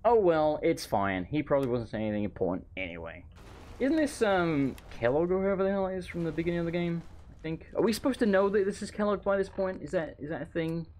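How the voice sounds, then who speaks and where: A man talks his way through a live game stream with a lively, bouncing pitch that swings up and down. He rambles, chats with viewers and trails into asides. He sounds hot and worn from a stuffy room at home. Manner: rambling, chatty, quick asides to chat. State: overheated. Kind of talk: live gameplay commentary.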